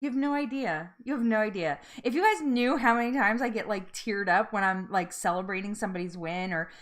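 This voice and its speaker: A woman's voice: medium pitch, fairly quick. A woman hosting a live-stream chat, bubbly and effusive, laughing often and getting emotional. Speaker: livestream host.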